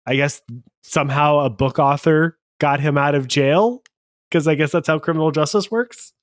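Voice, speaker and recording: A man's voice: a little high, moderate pace, no echo, studio quality. A man co-hosting a movie podcast, chatty and rambling in casual talk. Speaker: podcast co-host. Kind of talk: casual chat.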